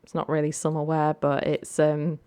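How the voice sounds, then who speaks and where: Low-voiced woman narrating a game. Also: completely flat delivery, moderate pace, warm tone, clean tone. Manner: chatty, many ums and asides to viewers. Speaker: let's play host. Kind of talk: casual game commentary.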